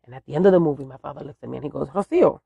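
A woman's voice: sits low, rapid-fire, vocal fry, husky, no echo, dull audio. A woman hosting a podcast who chattily tells a funny story about her family. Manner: chatty, animated, laughs at her own story. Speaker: podcast host. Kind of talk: casual storytelling.

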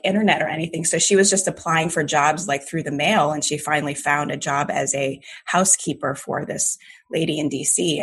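A woman comedian born in Jamaica and raised in Maryland, telling stories in a playful, quick-witted way as a podcast guest. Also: low voice, slightly rough. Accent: none, American. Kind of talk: casual interview.

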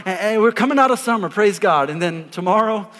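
A man, a pastor preaching an energetic sermon, emphatic and repeating words as he calls on the congregation to answer. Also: high voice, a little fast. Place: church auditorium before a congregation. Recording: live in a reverberant hall.

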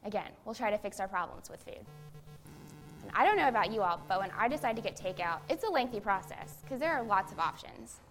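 Young woman seminary student giving a chatty, self-deprecating sermon, mid-pitched voice. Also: animated, fairly quick, fairly bright tone, faint music behind. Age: young adult. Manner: conversational, self-deprecating storytelling. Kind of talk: sermon with personal story.

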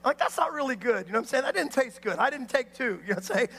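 A man preaching a sermon, an animated storyteller who acts out voices and calls out to the crowd. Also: very high voice, racing, big-room sound. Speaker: pastor.

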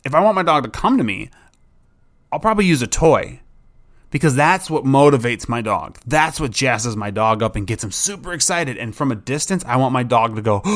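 A young adult man who hosts a podcast and trains dogs, talking casually and rambling a bit, sometimes acting out an excited dog. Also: medium pitch, normal speed. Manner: rambling, relaxed, acts out excited dog voices. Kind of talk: casual solo podcast talk.

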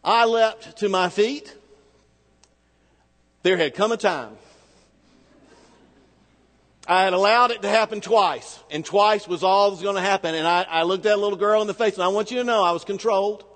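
A man with a high-pitched voice preaches in a relaxed, storytelling way, dropping into slow, deliberate phrasing for emphasis. His voice carries a long reverb tail, as if from a large sanctuary. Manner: conversational storytelling with emphatic slowdowns. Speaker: pastor. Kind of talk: sermon with personal story.

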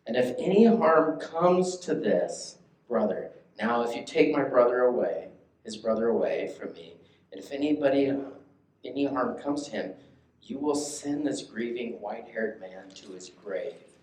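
A man's voice: mid-range voice, animated, measured pace, a little mellow, lightly acted. A man reading the part of a humble older brother pleading with a powerful ruler. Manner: earnest, imploring scripture reading. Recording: echoey room.

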